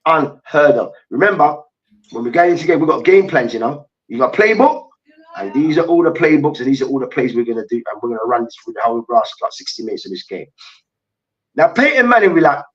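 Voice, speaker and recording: A man hosting a heated sports debate, loud and full of swearing, acting out players and coaches as he rants. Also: on the high side, big pitch swings, a little fast. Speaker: host. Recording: distant, dull lo-fi mic.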